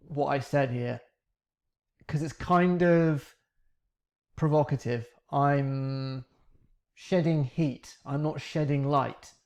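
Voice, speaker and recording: A man teaching English, calmly breaking down the grammar of questions he asked in a recorded interview. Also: fairly high pitch. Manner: calm, reflective, breaks down grammar step by step.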